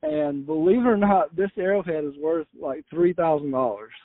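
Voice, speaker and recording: A man's voice: a little high, moderate pace, no echo. Rambling Florida man on a tinny line. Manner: rambling, self-correcting with frequent "uh". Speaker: guest storyteller. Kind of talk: casual anecdote. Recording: tinny phone-like line, dry.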